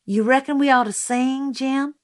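A woman's voice: high-pitched, steady tone, moderate pace, voice pushed up, lightly acted. A woman reading aloud, voicing a frightened barefoot young girl in plainspoken child talk. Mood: nervous.

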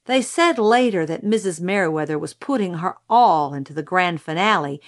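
A woman giving a measured storybook narration. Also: lowish voice, lively intonation. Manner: unhurried, measured reading. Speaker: audiobook narrator.

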